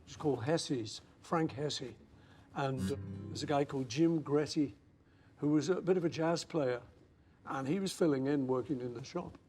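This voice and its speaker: A man's voice: a little high, normal speed, soft background music. A man in his seventies, an interview guest reminiscing in conversation, telling anecdotes and acting out old quotes. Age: 70s. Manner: anecdotal, acts out quotes with lively asides.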